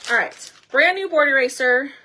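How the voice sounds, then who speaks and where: A woman's voice: sits high, normal speed, bright, forceful tone. A woman chatting casually through a craft livestream, gushing and saying y'all a lot, a little out of breath.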